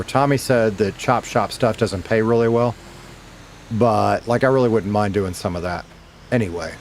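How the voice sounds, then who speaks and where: A man's voice: lowish voice, slight background noise. A man streaming a game, chatting casually and rambling between talking to himself and greeting his viewers. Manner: rambling, talks to himself and to chat. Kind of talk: casual livestream chat while gaming.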